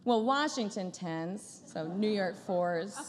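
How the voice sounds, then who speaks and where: A woman's voice: medium pitch, expressive, takes it slowly, long reverb tail. A woman comedian doing a stand-up roast at a banquet dinner, with a dry, sarcastic delivery and playful asides. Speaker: comedian headlining a gala dinner. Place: large banquet hall.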